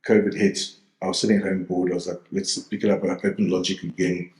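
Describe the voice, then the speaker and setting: A man's voice: low-pitched, flat delivery, fast talker, a little mellow. A man in his forties from South Africa, a DJ and producer talking casually as an interview guest, rambling with lots of fillers and restarts over a video call. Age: 40s. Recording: roomy echo.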